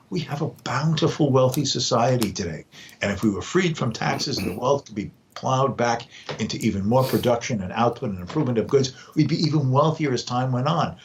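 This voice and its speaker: A man, a professor and guest on a podcast, speaking in a measured, lecturing way with the odd halting restart. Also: lowish voice, slight background noise. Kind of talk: podcast discussion.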